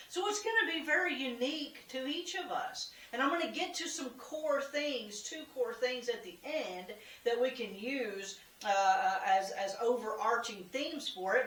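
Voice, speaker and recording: A woman giving a relaxed devotional talk, her voice a touch higher than most. She chats with easy humor, pokes fun at herself and urges listeners on directly. The room sounds echoey and she is a bit off the mic. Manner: chatty and humorous, laughs at herself; encouraging, speaks straight to listeners. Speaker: devotional host. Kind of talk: casual weekly devotional talk. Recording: roomy, from a distance.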